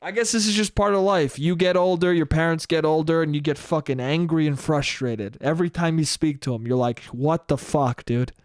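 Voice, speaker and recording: A young man rants through a casual solo podcast, swearing freely and slipping into the voices of the people in his stories. His voice sits a little high for a man and sounds smooth and clear. The recording is close and dry. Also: fairly quick, few pauses, dry recording. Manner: ranting, swears freely, acts out quoted people mid-story. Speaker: podcast host.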